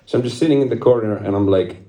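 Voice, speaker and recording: A man's voice: lowish voice, very fast, dark tone, roomy sound. A young man performing a stand-up comedy set, telling a rambling story, laughing at his own jokes and swearing casually.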